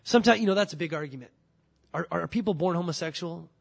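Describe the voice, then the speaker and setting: A man delivers a sermon in a fairly high voice. He talks casually and with energy, acting out people's excuses in quick voices before coming back to his point. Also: creaky, husky. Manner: animated, acts out quoted excuses in voices. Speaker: pastor.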